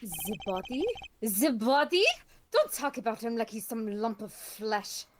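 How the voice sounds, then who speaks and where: A woman's voice: fairly high pitch, animated, measured pace, noisy background. A woman voicing a grief-stricken, theatrical male prosecutor in a game, trying a French accent with overwrought sobbing. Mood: indignant. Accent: attempted French accent. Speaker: game player reading lines. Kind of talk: playful game voice-over reading.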